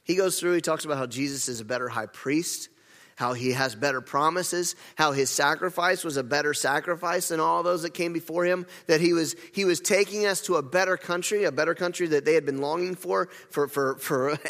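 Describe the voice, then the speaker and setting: A man's voice: fairly high pitch, normal speed, fairly bright tone. A man preaching a sermon as pastor, earnest, often repeating words and restarting phrases. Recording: long hall reverb.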